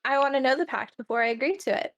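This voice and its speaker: A woman's voice: high-pitched, fast, highs cut off. A woman playing her character in a tabletop game, pushy and bargaining. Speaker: player.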